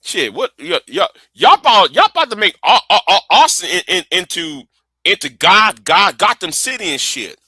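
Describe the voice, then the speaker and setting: Animated, profane man rambling. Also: high-pitched, normal speed, breathy edge, no room sound. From Texas. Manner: rambling, profane, stammering restarts. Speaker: livestream host. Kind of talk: casual livestream chat.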